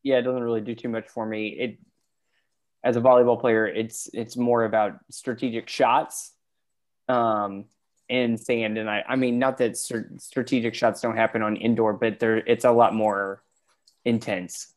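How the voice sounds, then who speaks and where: A man in a casual chat, talking in a measured, hesitant way with fillers. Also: mid-range voice, level tone.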